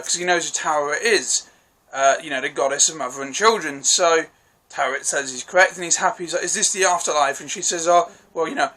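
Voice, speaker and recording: A man's voice: a little high, sharp tone. A man casually recapping and reviewing a TV episode, rambling and apologetic, with lots of fillers and restarts. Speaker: TV review vlogger.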